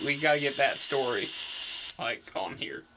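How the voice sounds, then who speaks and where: A man's voice: mid-range voice, expressive, moderate pace, background noise. A man on a casual podcast, teasing the others with laughing interjections. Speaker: podcast co-host. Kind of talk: casual chat.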